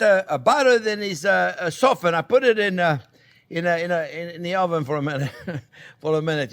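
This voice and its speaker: Older French-accented man, cooking show host, enthusiastic and rambling with restarts. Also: a little high. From France. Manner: chatty, enthusiastic, lots of fillers and restarts. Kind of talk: casual cooking demonstration. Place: home kitchen.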